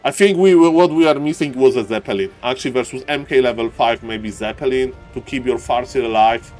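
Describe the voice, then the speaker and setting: A man casting a strategy game live, with excitable play-by-play that keeps calling out to "ladies and gentlemen" and climbs high and loud in the fights. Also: fairly quick, faint music behind. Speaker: esports caster.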